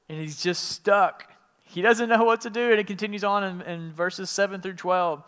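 A man preaching a sermon, retelling scripture in casual everyday words and acting out the quotes with lively changes of voice. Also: high-pitched, normal speed, creaky. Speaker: pastor. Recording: long hall reverb.

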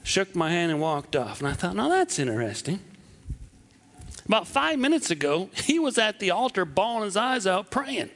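A man from southwest Wisconsin preaching a sermon, animated and acting out the voices he quotes. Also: sits high, moderate pace, hardly any pauses.

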